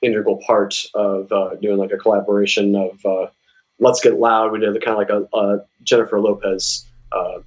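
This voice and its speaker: A man's voice: normal speed, dull audio. Chatty male singer telling stories. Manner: animated, acts out quotes in a high voice, many restarts. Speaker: musician guest. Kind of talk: casual interview storytelling.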